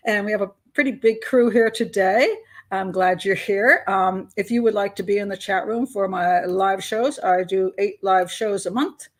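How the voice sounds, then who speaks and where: A woman's voice: medium pitch, moderate pace. An older woman hosting a live stream, chatting casually and rambling with frequent laughs. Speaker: host.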